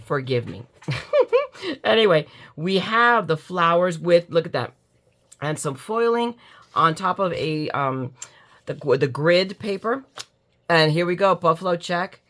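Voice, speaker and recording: A woman's voice: fairly low pitch, lively intonation, unhurried, fairly bright tone. Drowsy chatty American woman. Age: middle-aged. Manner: chatty, gushing, self-mocking, yawning. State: drowsy from allergy medicine. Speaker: crafting YouTuber. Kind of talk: casual unboxing chat.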